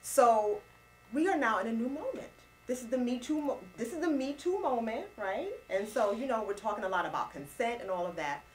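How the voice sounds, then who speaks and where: A woman from Trinidad trading banter as co-host, her pitch swinging widely as she talks. She laughs easily and jumps in to set things straight. A faint hum sits under the voice. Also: low-quality recording. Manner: animated, laughs easily, quick to correct. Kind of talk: casual chat show banter.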